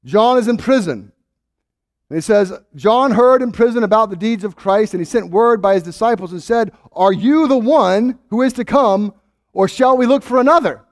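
A man preaching a sermon in a high, very lively voice that swoops up and down. He acts out doubting voices as he goes, with quick restarts. The sound is dry and close. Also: no room sound. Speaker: pastor.

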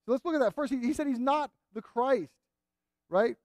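A man's voice: very high voice, moderate pace, a little mellow, no room sound, studio quality. A man preaching a sermon in an earnest, emphatic way, repeating phrases to drive points home.

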